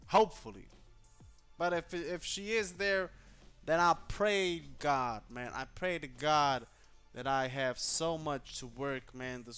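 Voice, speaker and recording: A man's voice: medium pitch, smooth. A man telling a story in a casual vlog, venting with slang and heavy swearing. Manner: profane, animated, vents with slang. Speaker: vlogger.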